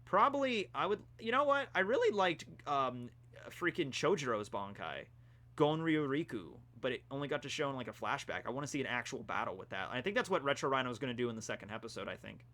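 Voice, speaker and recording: A man's voice: medium pitch, very animated, quick pace, sharp tone. A young man casually answering chat questions on a live stream, rambling and laid-back.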